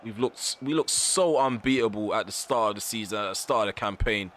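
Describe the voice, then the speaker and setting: A man's voice: fairly low pitch, fairly quick, a bit bright. Frustrated man commentating his football game. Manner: frustrated, exasperated ranting; slangy, repeats himself. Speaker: gaming YouTuber. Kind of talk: live gameplay commentary.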